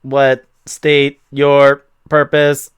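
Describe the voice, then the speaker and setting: A man voicing a robot-like voice coming through a drone's speaker, slow and halting. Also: mid-range voice, monotone, clean tone, no room sound. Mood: stern. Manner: slow, stiff, halting speech.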